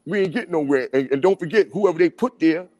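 A man talks quickly in a casual chat. His voice sits a bit high and is full of emphatic street-style phrasing. The recording is dry and close. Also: dry recording, muffled recording. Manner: fast, animated street talk, repeats "you know what I'm saying".

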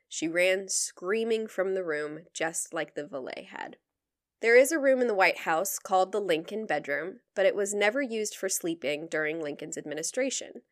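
Woman co-host recounting history with playful asides. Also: medium pitch. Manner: laughs easily, breaks into playful asides. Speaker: podcast co-host telling the story. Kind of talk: casual chat, reading researched history.

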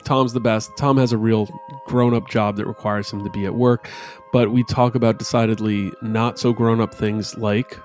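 A man's voice: fairly low pitch, level tone, normal speed, a little mellow. A man co-hosting a niche music podcast, plugging the show in a laid-back, jokey way. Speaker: podcast co-host doing a promo. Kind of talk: casual podcast promo.

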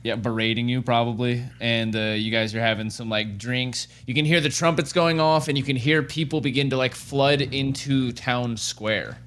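A man's voice: medium pitch, steady tone, moderate pace, hardly any pauses, a bit bright. A man narrating as game master of a tabletop game, with crude, laughing banter.

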